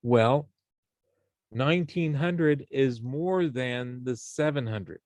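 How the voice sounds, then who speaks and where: A man with a medium-pitched, darkish voice teaches a college algebra class slowly, with no echo in the recording. In this classroom math lecture he explains each step and checks in with his students.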